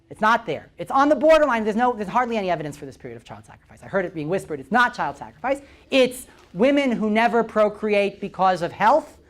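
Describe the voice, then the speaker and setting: A male lecturer with a lively, swooping delivery, teaching a Bible class to a room of listeners. He punctuates almost every point with a quick "right?" or "okay?" and keeps turning to quiz the audience. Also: high-pitched. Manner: constantly checks in with "right?" and "okay?"; poses questions to the audience. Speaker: visiting lecturer.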